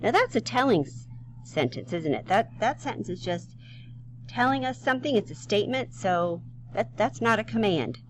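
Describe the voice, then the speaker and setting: A woman's voice: medium pitch, animated, moderate pace, slight background noise, rough recording. A woman teaching a grammar lesson to young children, playful and chatty, talking straight to them with questions.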